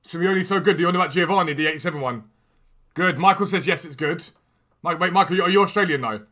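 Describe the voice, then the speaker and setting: Fast-talking bright-voiced streamer man. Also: sits high. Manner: quick, chatty and enthusiastic, jumping between topics and chat questions. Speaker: gaming streamer and video host. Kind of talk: casual livestream chat while trading in a football game. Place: room at home with a door.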